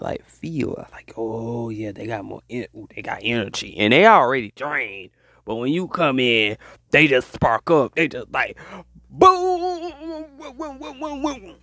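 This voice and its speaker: A man hosting a podcast, ranting in an animated, preachy monologue, repeating his points. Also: mid-range voice, no room sound, clean studio sound. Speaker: podcast host.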